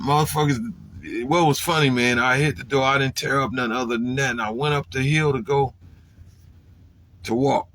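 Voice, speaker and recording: This is an animated man swearing his way through a casual personal story, with a voice of ordinary middle pitch. He keeps tacking "man" onto his phrases. He jumps up louder and higher when he acts out his own lines. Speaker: vlogger telling a story.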